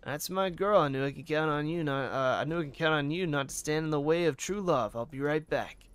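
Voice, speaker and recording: A man voicing an excitable young woman working a police front desk, gushing and pleading in a raised voice, recorded dry. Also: fairly high pitch, brisk, smooth, no room sound, natural voice. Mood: giddy.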